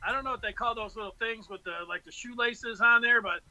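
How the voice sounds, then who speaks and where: An easygoing man co-hosts a sports chat, his voice high and very bright. He ribs his partner in loose, joking banter, with faint music playing behind. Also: quick pace, rough recording. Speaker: podcast co-host. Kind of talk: casual sports talk.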